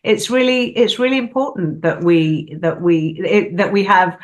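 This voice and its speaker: A woman's voice: on the low side, lively intonation, moderate pace. An older woman, a guest performer, talking enthusiastically in a casual studio interview with frequent "you know"s.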